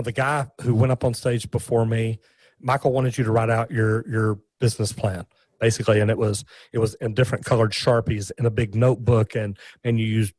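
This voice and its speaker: A man, a guest in a casual interview, telling stories in an animated, folksy way with many restarts. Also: mid-range voice, dry recording, rough recording. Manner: animated, folksy, repeats words.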